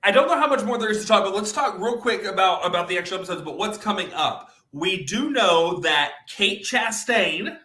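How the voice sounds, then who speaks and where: A man's voice: high voice, expressive, moderate pace, hardly any pauses, sharp tone. A man co-hosting a casual reality-TV recap podcast, talking emphatically and teasing. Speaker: podcast co-host. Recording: echoey room.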